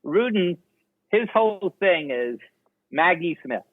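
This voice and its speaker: An older man, a film director guest, telling lively anecdotes in an interview and acting out the people he quotes. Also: sits high, takes it slowly, dry recording. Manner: animated, acts out the people he quotes. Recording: dry, tinny phone-like line.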